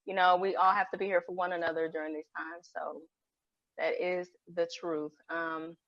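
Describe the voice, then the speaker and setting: A woman's voice: lowish voice, level tone, moderate pace, dry recording. Forties woman on a live podcast, upbeat and agreeable, dry muffled-ish audio. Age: 40s. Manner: enthusiastic, affirming. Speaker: guest, vegan cook. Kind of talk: live video podcast chat. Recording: dry, dull-sounding audio.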